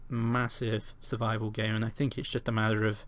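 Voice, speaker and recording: A man's voice: lowish voice, level tone, brisk. A man hosting a casual podcast chat, opinionated and emphatic as he talks. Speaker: podcast host.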